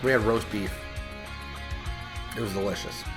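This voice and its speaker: A man co-hosting a podcast in casual chat, with a dry manner that trails off quietly. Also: lowish voice, steady tone, normal speed, over music. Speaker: podcast co-host.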